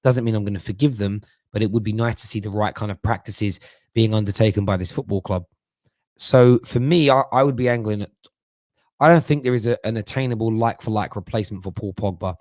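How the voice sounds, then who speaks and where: A man's voice: lowish voice, fairly quick, darkish tone, dry recording, studio quality. Chatty man hosting a live stream. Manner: chatty, stumbles and repeats words while thinking. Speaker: host of a football fan live stream. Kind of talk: casual live-stream chat reading viewer comments.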